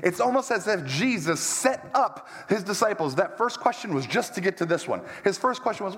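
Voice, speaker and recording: A male pastor preaching a sermon in a church sanctuary, his slightly high voice swinging widely in pitch. He talks in an animated, emphatic way, throws in joking asides and walks around as he preaches, while a long hall reverb trails each phrase. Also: moderate pace, hardly any pauses.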